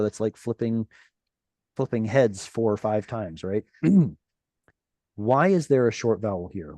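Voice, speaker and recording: Over a video call, a man teaches a Hebrew grammar class, animated and encouraging and dropping in playful asides. His voice is mid-range, and the recording is dry.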